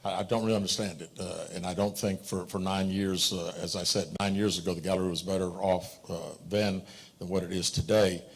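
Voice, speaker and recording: Low, gravelly man. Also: fairly even intonation. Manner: halting, many fillers and restarts. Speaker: mayoral candidate. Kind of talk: forum answer.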